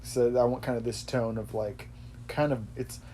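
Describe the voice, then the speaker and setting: A man hosts a podcast in a steady, mellow, mid-range voice at normal speed, over slight background noise. He rambles through casual chat, correcting himself often and laughing readily.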